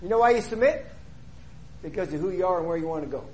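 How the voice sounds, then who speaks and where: High-pitched emphatic male preacher. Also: lively intonation, quick pace, slight background noise. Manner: emphatic, rhetorical questions, swings between loud and quiet. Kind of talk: sermon.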